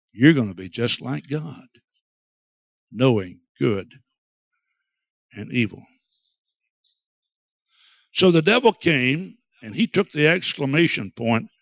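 A man's voice: vocal fry, dry recording, highs cut off. Man, pastor, dramatic sermon, acts out voices, dry close sound. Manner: dramatic, acts out quoted voices with big pitch swings.

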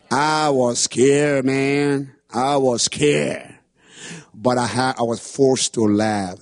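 A man preaching a sermon testimony with impassioned delivery that rises to shouts. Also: medium pitch, no room sound, clean studio sound. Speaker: pastor.

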